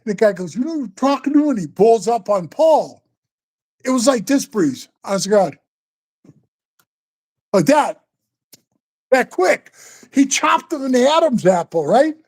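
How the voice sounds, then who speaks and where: A man in his sixties telling stories in a casual chat, animated and profane, calling the host bro and man all the time. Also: very high-pitched, measured pace, pauses often. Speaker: guest storyteller. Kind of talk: casual storytelling.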